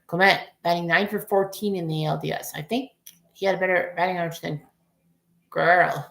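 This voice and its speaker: A woman's voice: fairly low pitch, steady tone, fairly quick, gravelly, a bit bright, reverberant. A woman in her forties giving casual, rambling play-by-play of a baseball game as a fan streamer, cursing at bad plays. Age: 40s.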